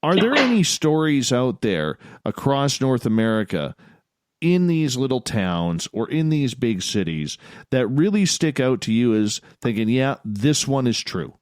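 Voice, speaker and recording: A man's voice: medium pitch, sing-song, unhurried, darkish tone, no echo. Guy hosting a radio show, chatty rambly questions, totally dry mic. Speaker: radio host.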